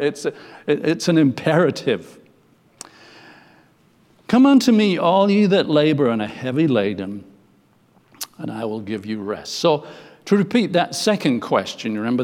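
A man's voice: medium pitch, a little mellow, long reverb tail. A man preaching a sermon, explaining scripture with emphatic quotations and some hesitant fillers.

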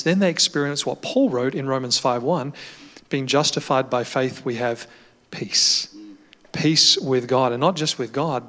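Brief: male Bible study teacher, bright forward tone, measured with fillers, long hall reverb. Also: mid-range voice. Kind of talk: Bible lesson discussion.

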